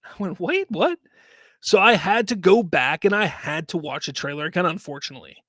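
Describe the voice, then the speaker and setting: A man with a fairly high voice holds forth as host of his own casual commentary show. He rambles and circles back over the same points in an animated way, close on the mic. The sound is dry, with no room around him. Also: quick pace, no echo. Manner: animated, rambling, repeats himself.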